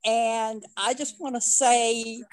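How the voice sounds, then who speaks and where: A woman's voice: a little high, steady tone, clean tone, dry recording, poor audio. A woman calling in to a podcast, earnest and heartfelt, near tears as she speaks. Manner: earnest, heartfelt, lists words slowly. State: tearful, near crying. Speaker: fan calling in. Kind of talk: casual podcast chat.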